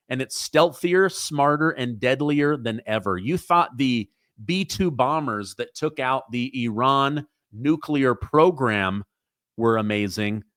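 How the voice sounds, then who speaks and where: A male host giving excitable, conversational news commentary. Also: on the high side, no room sound, clean studio sound.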